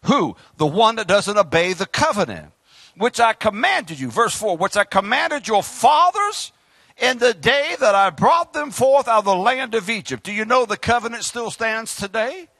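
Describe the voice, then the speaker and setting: A male pastor with a Southern US accent, preaching a fiery sermon and swinging from loud outbursts to quiet asides. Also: high voice, very animated, normal speed, no echo. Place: church sanctuary.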